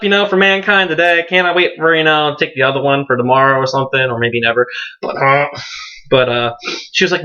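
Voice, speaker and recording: A teenage boy vlogger telling his coming-out story to the camera, animated and earnest, jumping his pitch up high for quoted voices. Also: brisk, muffled recording. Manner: earnest and tender when encouraging viewers.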